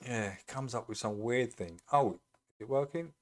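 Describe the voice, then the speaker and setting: A man's voice: mid-range voice, moderate pace. A man chatting casually as he reacts to a video, amused and laughing easily.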